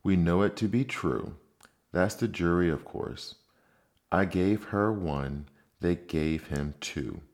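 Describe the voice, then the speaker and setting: A man's voice: low voice, takes it slowly, a little mellow. A man voicing a fussy, pompous old king who reasons aloud with self-satisfied mutterings. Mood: musing.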